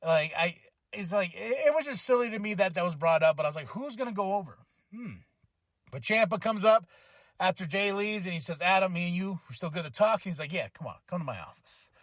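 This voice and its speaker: A man's voice: high voice, expressive, fairly quick, fairly bright tone, no echo, clean studio sound. A tired man hosting a podcast, giving a casual, rambling recap and laughing often as he paraphrases what people said. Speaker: podcast host.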